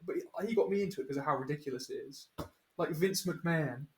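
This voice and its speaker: A man's voice: fairly high pitch, quick pace. A young man on a podcast telling stories in casual chat, swearing a lot and laughing as he talks. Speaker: podcast co-host. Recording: echoey room.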